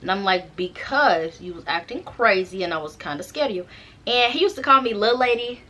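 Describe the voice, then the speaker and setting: A young woman recounts a personal story to her viewers in a relaxed, slangy way, checking in with them as she goes. Her voice is bright and forceful, with a middle pitch. She speaks straight into her camera. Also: brisk, slight background noise. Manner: chatty, slangy, addresses viewers directly. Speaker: storytime vlogger.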